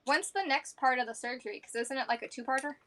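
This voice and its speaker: A woman's voice: high voice, fast, a bit bright, a little hiss or hum. A woman playing a tabletop game who keeps asking curious questions in casual chat. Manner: curious, asks many questions. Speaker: player.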